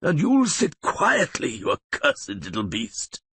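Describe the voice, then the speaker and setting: A man's voice: fairly high pitch, huge pitch swings, slow pace, bright, forceful tone, breathy edge, dry recording, exaggerated voice. A man doing a sneering, scheming sickly lawyer. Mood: scornful. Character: scheming sickly male lawyer, sardonic and cunning.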